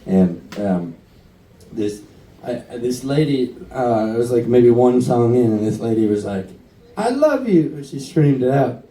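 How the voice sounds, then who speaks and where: A man's voice: mid-range voice, unhurried, warm tone. A singer-songwriter rambling self-deprecatingly between songs at a live concert, chuckling as he talks. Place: indoor concert venue with a live crowd. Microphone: stage mic, recorded by an audience camera from far off. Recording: echoey concert hall heard from far off, with crowd and band.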